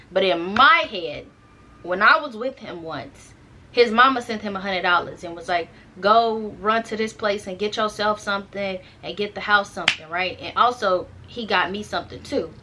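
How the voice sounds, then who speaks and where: A woman's voice: mid-range voice, pushed and bright. A young woman casually telling a personal story straight to her viewers, chatty and slangy, often turning to the audience to check they follow. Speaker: storytime vlogger.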